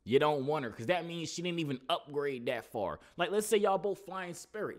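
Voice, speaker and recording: A man's voice: on the high side, normal speed, few pauses. A man hosting a reaction video, talking in casual slang and mocking what he sees. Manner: slangy, animated, mocking, repeats "you know what I'm saying".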